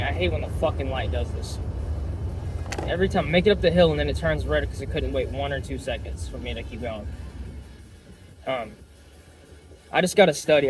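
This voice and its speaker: A man's voice: fairly high pitch, rough recording. A young man who works at an auto shop, chatting casually and rambling with lots of swearing and fillers while he drives. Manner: profane, rambling, many fillers. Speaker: vlogger and auto shop worker. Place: inside a car on city streets. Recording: clear car and road noise.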